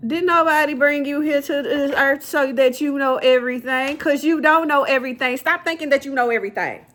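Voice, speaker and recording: A woman's voice: sits high, brisk, a bit bright. A woman giving a tarot card reading straight to camera, blunt and motherly, dishing out tough love and calling the listener baby. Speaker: tarot reader, channel host.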